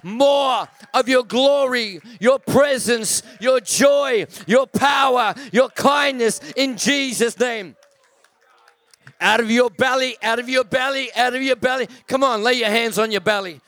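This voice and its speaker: A man with a very high voice leads charismatic prayer in a church. He chants and shouts declarations at a slow, drawn-out pace and slips into speaking in tongues. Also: dry recording. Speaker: prayer minister. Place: church service.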